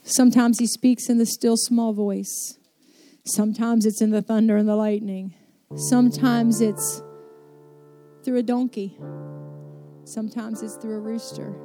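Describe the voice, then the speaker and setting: A woman's voice: a little high, flat delivery, a little slow, long pauses. A woman pastor preaching a sermon with rhythmic repeated refrains. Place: church. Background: soft piano.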